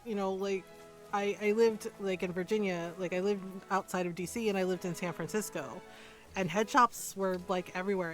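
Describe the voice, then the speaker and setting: A middle-aged woman with a slightly high voice streams a game while chatting casually. She tells a story with animation, acting out the people she quotes.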